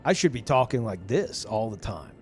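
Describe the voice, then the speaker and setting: A man putting on the voice of a cheesy, upbeat male streamer with a deep, smooth radio-style delivery. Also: very animated, moderate pace, faint music behind. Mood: mock-professional.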